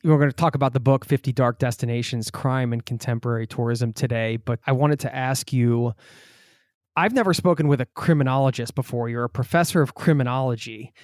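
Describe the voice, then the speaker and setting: A man hosting a travel podcast, talking in a friendly, energetic way and interviewing a guest. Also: medium pitch, brisk, no echo, studio quality. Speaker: podcast host.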